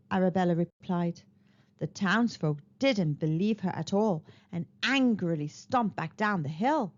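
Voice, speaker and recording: A woman reading a children's picture book aloud with an expressive, animated delivery. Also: medium pitch. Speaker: storyteller. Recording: slightly dull lo-fi recording.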